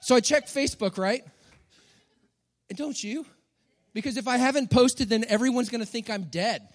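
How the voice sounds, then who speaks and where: A pastor in his forties with a notably high voice preaches in a loose, joking, conversational way. He keeps turning to the room with quick "right?" asides. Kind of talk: sermon.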